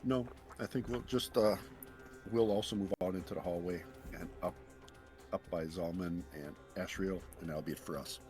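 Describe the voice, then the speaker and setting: A man playing a tabletop game, stating his group's plans quietly and hesitantly. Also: sits low, fairly even intonation, normal speed, soft background music. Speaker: player.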